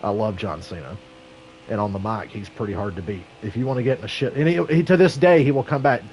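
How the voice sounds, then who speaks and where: Profane, animated male game streamer. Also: lowish voice, quick pace, slight background noise, low-quality recording. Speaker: streamer racing online. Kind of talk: casual gaming stream chat.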